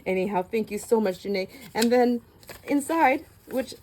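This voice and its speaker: A middle-aged woman hosting a casual crafting vlog. She chats warmly to viewers, gushing and laughing, with frequent restarts. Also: fairly high pitch, huge pitch swings, a little slow, slight background noise, rough recording. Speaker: craft channel host.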